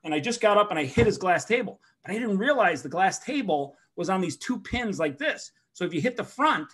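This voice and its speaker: A man telling a personal story in a casual talk, animated and profane, acting out the other people in it and laughing along the way. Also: high-pitched, fairly quick, breathy edge. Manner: excitable, swears often, acts out other people's lines with shouting and laughter. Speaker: podcast host telling a story.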